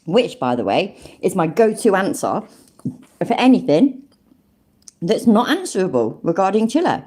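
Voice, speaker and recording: A woman's voice: mid-range voice, big pitch swings, normal speed, darkish tone. An older woman hosting a casual live stream, chatting to her viewers, swearing freely and calling them love and mate. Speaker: livestream host.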